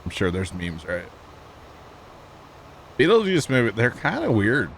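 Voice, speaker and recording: A man's voice: mid-range voice, huge pitch swings, unhurried, fairly bright tone, slight background noise. A man streaming a farming game, chatting casually in a joking, wry way and talking to his chat. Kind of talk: casual chat while gaming.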